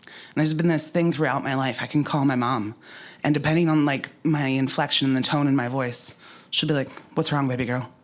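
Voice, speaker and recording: A woman's voice: a bass voice, steady tone, brisk. A woman telling a personal story at a live story slam, candid and conversational, with frank asides.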